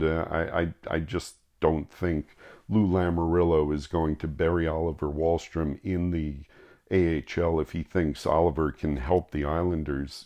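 Low, gravelly, monotone male podcast host. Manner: flat, monotone delivery with frequent fillers and restarts. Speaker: podcast host answering listener questions. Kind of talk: casual podcast chat.

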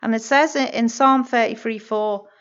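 A woman with a Northern Irish accent shares her personal testimony in a slightly high voice, earnest and emotional, breaking off and restarting her sentences. The recording is dull and lo-fi. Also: steady tone, moderate pace, a bit bright, clear, resonant tone. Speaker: church member giving testimony. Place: church.

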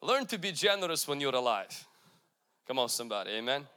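A man's voice: mid-range voice, sing-song, brisk, pushed and bright. A man preaching a sermon, emphatic, with repeated calls to the congregation. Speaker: pastor.

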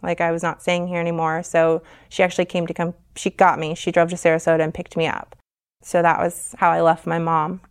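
A young woman talking as a guest, telling a personal story frankly, with halting pauses and many fillers. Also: fairly low pitch, monotone, clean tone.

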